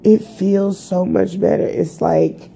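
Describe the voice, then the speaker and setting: Tired woman, gravelly voice, unhurried rambling talk, halting restarts, personal reflective vlog. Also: lowish voice, fairly even intonation, warm tone, slight background noise. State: tired, yawning. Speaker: spiritual vlogger.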